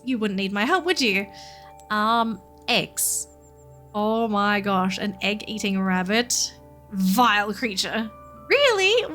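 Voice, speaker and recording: A woman's voice: on the high side, bright, forceful tone. A young woman casually commenting on a horse game as she plays, chatting to the characters on screen. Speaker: gaming channel host.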